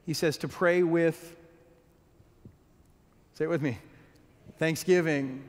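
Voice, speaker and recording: High-voiced preaching man in reverberant hall. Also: fairly even intonation. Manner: earnest preaching with quick restarts and repeated words. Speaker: pastor. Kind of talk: sermon. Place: church hall.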